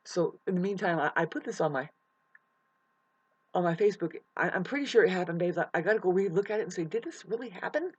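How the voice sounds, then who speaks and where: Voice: mid-range voice, fast, dry recording, low-quality recording. A vlogger ranting emotionally to camera outdoors in the mountains, swearing and rambling. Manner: emotional, profane, restless.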